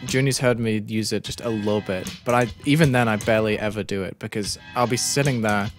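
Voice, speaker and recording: A man's voice: lowish voice, a little fast, faint music behind. A young British man talking in a put-on American accent, commentating his own game live on stream and yelping at his deaths. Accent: American, put on over a British one. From Britain. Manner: excitable, yelps and shouts at in-game deaths. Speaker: gaming streamer.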